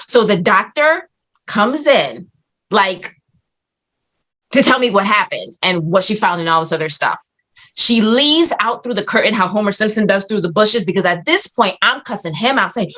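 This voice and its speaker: A woman's voice: medium pitch, expressive, moderate pace, a bit bright. A woman guest on a podcast, telling a story in casual chat with blunt, dramatic, profane delivery.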